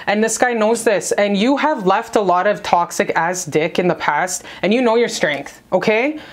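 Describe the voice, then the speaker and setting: Speaking directly to the viewer, this tarot reader gives a laid-back spiritual love reading in a mid-range voice. Her tone is brash and cheerfully foul-mouthed, pumping the listener up as if in a pep talk.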